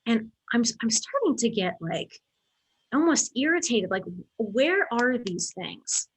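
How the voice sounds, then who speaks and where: A woman's voice: a little high, unhurried, breathy edge, poor audio. A woman in her forties telling a travel memory in a casual, emotional way, often restarting her sentences. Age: 40s. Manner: excited, emotional storytelling with many restarts. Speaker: guest sharing a story. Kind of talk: casual spoken recollection.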